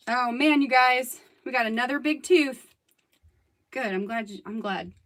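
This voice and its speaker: A slightly high-voiced woman in her thirties hosts a live crafting stream. She rambles in a relaxed, chatty way and laughs often as she talks. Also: takes it slowly. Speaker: livestream craft host. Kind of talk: casual live crafting chat.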